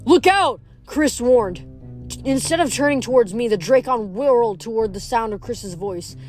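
A woman reading a novel aloud in a plain, steady way, stumbling now and then and correcting herself. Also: fairly high pitch, normal speed, faint music behind. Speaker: audiobook reader.

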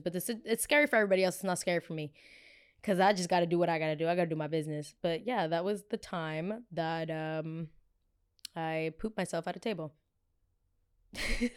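Smooth-voiced young woman, candid. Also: fairly low pitch. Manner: candid, animated, swears freely. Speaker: podcast host. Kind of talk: casual confessional storytelling.

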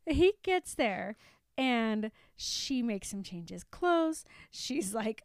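A woman's voice: a little high, sing-song, slow pace, dry recording, studio quality. A woman co-hosting a casual podcast, giggling and adding playful comments. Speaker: podcast co-host. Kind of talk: casual chat.

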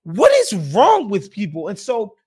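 A high-pitched man holds forth on a podcast, animated and emphatic. He swears freely and keeps a loose, conversational rhythm. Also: measured pace, breathy edge. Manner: profane, emphatic, animated ranting. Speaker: podcast co-host. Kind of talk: casual podcast chat.

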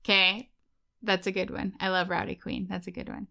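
A woman's voice: medium pitch, flat delivery, a little fast, gravelly, bright, forceful tone. A woman in her thirties co-hosting a podcast in casual, playful, teasing chat. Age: 30s. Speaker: podcast co-host.

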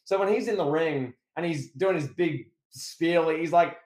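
A man's voice: on the high side, unhurried, hardly any pauses, roomy sound, poor audio. An Australian man co-hosting a podcast, chatting casually about wrestling and acting out the promos he recaps. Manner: animated, acts out quoted promos. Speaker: podcast co-host.

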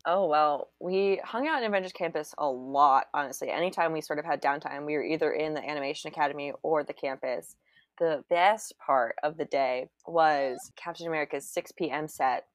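A woman's voice: deep voice, fairly quick, dry recording. A young woman telling a story in casual chat, bubbly and full of "like"s. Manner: chatty, bubbly storyteller, many "like"s.

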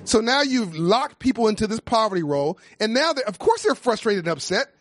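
A man's voice: sits high, big pitch swings, brisk, no echo, studio quality. A man founding a nonprofit, speaking with emphatic, preacher-like cadence and repeated phrases in an impassioned panel talk.

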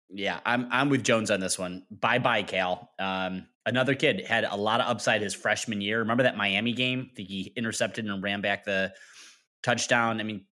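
A man's voice: lowish voice, sharp tone. A man co-hosting a college sports podcast, talking in a rambling, self-correcting way. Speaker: podcast co-host. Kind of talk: casual sports chat.

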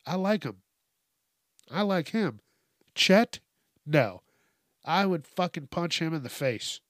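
A man's voice: on the high side, expressive, takes it slowly, no echo, studio quality. A man hosting a comedic news show, ranting with heavy swearing and frequent laughter in a mocking tone. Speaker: host. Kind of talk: profane comedic news rant.

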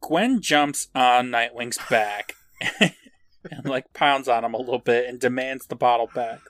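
A man's voice: mid-range voice, measured pace, fairly bright tone. A man co-hosting a podcast, casually recapping an episode with frequent laughs and offhand swearing. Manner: laughs while narrating, swears casually, acts out quotes. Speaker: podcast co-host.

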